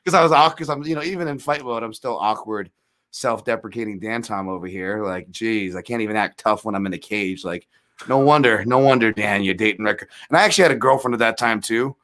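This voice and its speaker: A man in his thirties, a podcast guest telling rambling, self-deprecating fight stories with animated retellings. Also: on the low side, a little fast. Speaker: guest, MMA analyst. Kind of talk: casual storytelling in a podcast interview.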